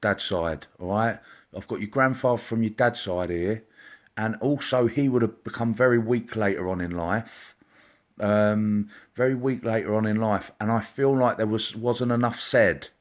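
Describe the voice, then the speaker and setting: Low-voiced man doing live readings. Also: moderate pace. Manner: chatty, greets viewers by name, drops to a quiet murmur while listening. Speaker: psychic medium host. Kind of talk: casual live-stream reading. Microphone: computer or phone mic, live stream.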